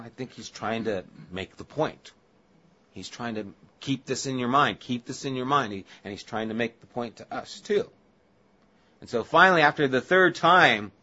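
A man's voice: medium pitch, bright, forceful tone. Casual-sounding male pastor, dull lo-fi audio. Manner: casual and chatty, with asides to the listeners. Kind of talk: conversational Bible-study sermon.

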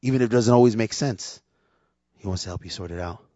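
A fast-talking preacher and worship leader with a lowish voice delivers a frank, conversational sermon, acting out brief quotes in lively voices. The lo-fi recording is dull and dry, with no room sound.

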